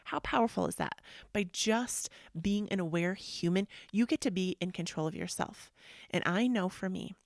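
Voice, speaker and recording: A woman hosting a yoga and self-help talk, speaking earnestly and emphatically in a casual motivational style, sometimes dropping into soft, whispery asides. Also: mid-range voice, moderate pace, vocal fry, no room sound, studio quality. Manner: earnest and emphatic, with frequent "like" and "freaking".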